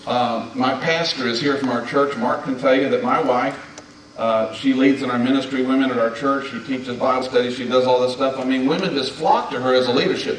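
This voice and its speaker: A man's voice: mid-range voice, fairly even intonation, brisk. A man in his seventies addresses a conference hall of husbands in a sermon-style talk, driving each point home with insistent commands. His voice reaches a distant mic through a very echoey hall, and faint hiss sits underneath. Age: 70s. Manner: emphatic, hammers points with repeated "do not" commands. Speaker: marriage conference speaker.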